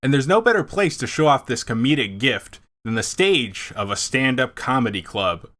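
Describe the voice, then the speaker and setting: A man reads scripted documentary narration with dry, sarcastic understatement. His voice is bright and forward, set in a middle pitch. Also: lively intonation, moderate pace, a little hiss or hum.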